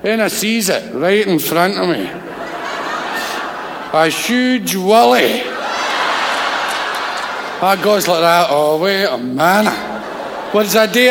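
Rambling high-voiced man. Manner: rambling, boastful, folksy grammar. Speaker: comedian. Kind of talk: comic sketch. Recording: hall with noticeable noise.

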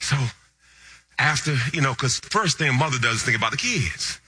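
A man preaching, telling a funny story with animated, lively delivery that jumps between low asides and excited high shouts. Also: fairly quick, breathy edge. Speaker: pastor. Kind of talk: storytelling sermon.

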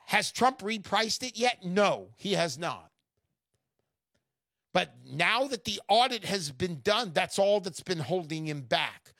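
A man's voice: high-pitched, no room sound, clean studio sound. Brash salesy male radio host. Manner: brash and salesy, swings loud. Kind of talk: call-in radio show.

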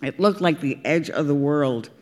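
A woman voicing an elderly, wise duck in an audiobook, recalling the past slowly. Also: low voice, in a large hall, voice pushed down, close to an everyday voice. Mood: reminiscing. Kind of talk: audiobook reading.

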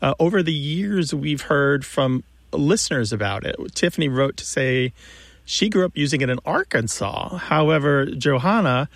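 A man's voice: mid-range voice, lively intonation, normal speed, a bit bright, no room sound. A man co-hosting a call-in radio show about language, explaining at length to callers in a thoughtful way.

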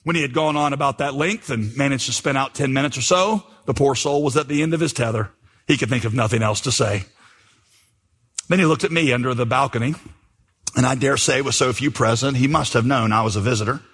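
A man's voice: mid-range voice, a little fast, fairly bright tone, husky, big-room sound. A male pastor giving a sermon in a conversational storytelling manner, reading quotes aloud.

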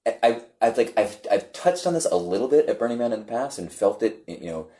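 A man on a podcast telling a story with animated, halting delivery and repeated words. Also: medium pitch. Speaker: podcast guest. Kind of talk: casual chat, storytelling.

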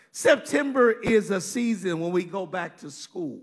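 High-voiced slow-preaching Kansas pastor. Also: male voice, animated. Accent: rural Kansas. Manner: emphatic preaching with repeated words and fillers. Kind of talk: sermon.

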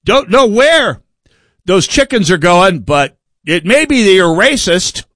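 A man voices a sly male fox pretending to be a watchdog, speaking in a wheedling, falsely reassuring way. He puts on a high, exaggerated voice above his natural pitch, very animated yet unhurried with a fairly bright tone. The recording is dry and studio quality.

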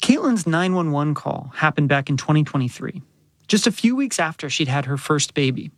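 A woman reporter narrating a radio news story in a measured, clear storytelling voice. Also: sits low, big pitch swings, no echo, clean studio sound.

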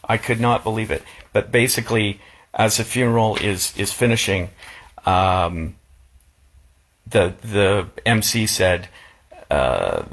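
A man speaking in a casual chat, halting with many restarts as he talks about something that moved him. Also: lowish voice, expressive, fairly bright tone.

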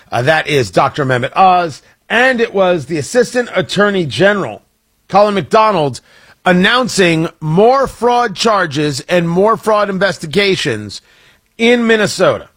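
A man hosting talk radio, reading an ad live and then commenting, in an energetic, emphatic and repetitive way. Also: high-pitched, normal speed, slightly rough, dry recording.

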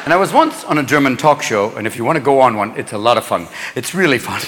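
A man doing a stand-up comedy routine, talking manically and jumping into one rapid character voice after another. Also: medium pitch, big pitch swings, fairly bright tone. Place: stage in a large venue. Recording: live in a large hall with crowd laughter. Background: audience laughing and cheering.

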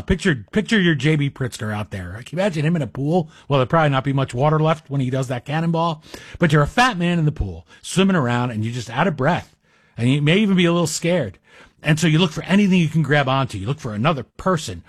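A man's voice: mid-range voice, husky, dry recording. A middle-aged man guest-hosting a talk radio show, delivering a chatty monologue with wry, self-deprecating asides. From Greek heritage. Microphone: studio microphone.

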